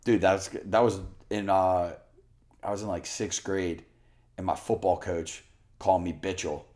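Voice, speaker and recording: A man's voice: deep voice, level tone, a little slow, very noisy. Rambling, swearing young man. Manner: rambling storyteller, swears a lot, acts out quotes. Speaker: podcast co-host. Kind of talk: casual podcast chat.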